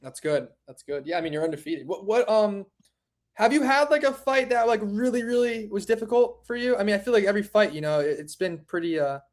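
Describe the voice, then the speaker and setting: A young man with a notably high voice hosts an interview over a video call. He speaks softly and hesitantly, restarting and trailing off as he asks his questions. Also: expressive, a little fast. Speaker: interview host. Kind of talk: casual remote interview.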